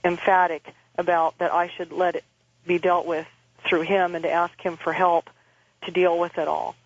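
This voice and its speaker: A woman's voice: lowish voice, level tone, dry recording. Earnest woman on a muffled phone line. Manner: earnest, halting, with frequent restarts. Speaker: radio show guest. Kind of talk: personal testimony over the phone. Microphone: telephone.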